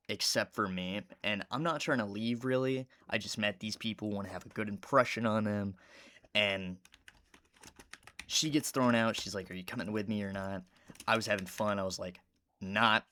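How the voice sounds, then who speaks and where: Deep-voiced man rambling a storytime. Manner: rambling and conversational, with sudden loud outbursts at the game. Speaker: gaming YouTuber. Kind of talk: casual storytime while playing a game.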